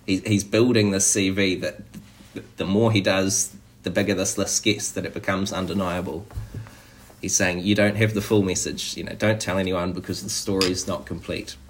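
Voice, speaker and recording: A man preaching a sermon in a relaxed, conversational way, often restarting and saying "you know". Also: sits low, normal speed, a little hiss or hum.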